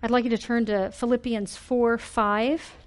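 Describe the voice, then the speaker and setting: A woman teaching a sermon in an earnest, emphatic way, asking questions and slowing down on key phrases. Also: on the high side, level tone.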